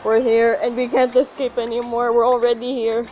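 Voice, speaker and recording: A woman's voice: a little high, steady tone, normal speed, few pauses, faint music behind. A young woman reacting to her mobile game pulls, pleading and shrieking at the screen. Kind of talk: gacha pull reaction commentary.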